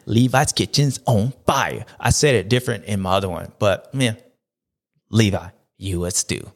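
Here a man with a lowish voice speaks at a normal speed. He's hosting a supercross race recap, riffing in playful slang and circling back to his catchphrases in animated, casual commentary.

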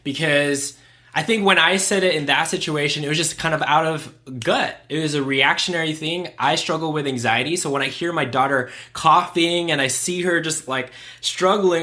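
A man's voice: fairly high pitch, moderate pace, pushed and bright. A young adult man co-hosting a podcast, talking in an earnest, self-reflective casual way with frequent fillers. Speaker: podcast co-host. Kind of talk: casual chat.

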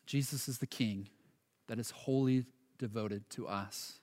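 This pastor's sermon, in a mid-range male voice, is earnest and broken by frequent restarts. Quiet moments give way to louder ones and back again.

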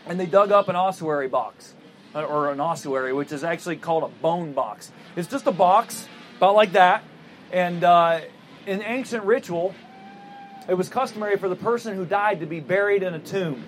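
Male preacher, high voice, conversational sermon, rhetorical questions, faint background hum. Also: normal speed. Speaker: pastor.

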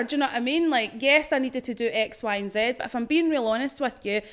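Young female podcast host, a business coach; blunt, profane pep talk delivered in a slightly high voice. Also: fast, few pauses, fairly bright tone. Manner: blunt, swears freely, pep-talk energy. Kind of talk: motivational podcast monologue.

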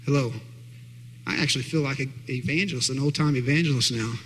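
A man's voice: mid-range voice, steady tone, quick pace, a bit bright, slight background noise. A man preaching a sermon to a congregation, emphatic and direct, repeating key phrases to drive his point home. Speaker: pastor. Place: church hall. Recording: long reverb of a large hall.

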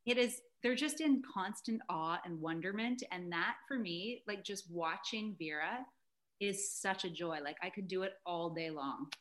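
A woman's voice: on the low side, a little slow. Cheerful, giggly woman guest. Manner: cheerful, giggly, warmly enthusiastic. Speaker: podcast guest, mother. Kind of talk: casual chat.

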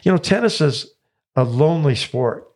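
A man's voice: fairly high pitch, animated, normal speed, darkish tone. A man in his seventies, a tennis coach telling stories as a podcast guest, enthusiastic and repeating phrases for emphasis. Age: 70s.

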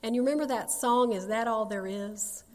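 A woman's voice: fairly high pitch, normal speed, a little mellow, big-room sound. A woman, sharing her personal testimony in a folksy, earnest storytelling manner. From North Carolina, USA. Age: 60s.

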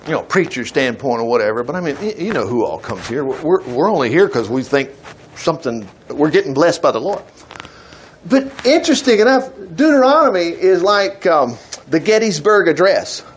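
Male preacher, high and animated delivery, emphatic folksy sermon style. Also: slight background noise.

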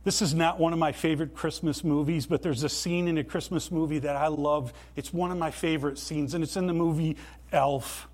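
A man preaching a sermon in a church, earnest and emphatic, with deliberate pauses. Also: a little high, fairly even intonation, a little mellow. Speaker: pastor.

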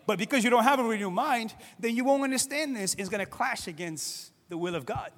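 A middle-aged man preaching a sermon as a pastor, conversational and animated, acting out quoted voices. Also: sits high, brisk, big-room sound.

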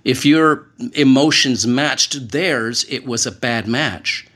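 A former hostage negotiator speaks as a panel guest. He talks in an earnest, measured way, with a middle-pitched voice. He slows right down to lean on the words that matter. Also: fairly bright tone. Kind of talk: panel discussion.

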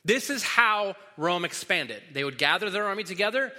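Male pastor, casual sermon delivery with fillers, slightly high voice, long hall echo. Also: expressive, normal speed, sharp tone. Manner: casual teaching with many fillers and restarts.

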